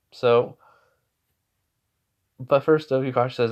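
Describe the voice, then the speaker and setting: A man's voice: mid-range voice, slow pace, pauses often, clean tone. A man narrating an improvised fan story in a rambling way, full of fillers and restarts. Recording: dull lo-fi recording.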